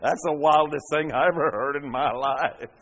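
A man pastor preaching a sermon, swelling to loud fervent peaks and dropping back quiet. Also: a little high, normal speed, slight background noise.

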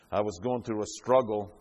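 A man pastor preaching a sermon, swelling to loud fervent peaks and dropping back quiet. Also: lowish voice, muffled recording.

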